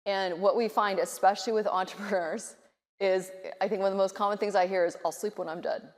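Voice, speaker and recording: A middle-aged woman giving a conference keynote speech, animated, often acting out nervous inner voices. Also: medium pitch, brisk. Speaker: keynote speaker. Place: large conference hall. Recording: reverberant conference hall.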